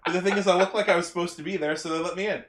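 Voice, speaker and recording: A man co-hosting a casual podcast chat, telling stories in an animated, rambling way with lots of fillers. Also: high voice, very fast, very noisy. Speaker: podcast co-host. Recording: roomy echoey mic.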